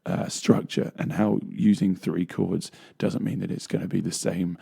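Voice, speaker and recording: A young Englishman co-hosting a casual chat, telling stories in a rambling way with plenty of fillers and laughter. His low voice is gravelly and husky, with a dark, mellow tone. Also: flat delivery, normal speed. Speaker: co-host.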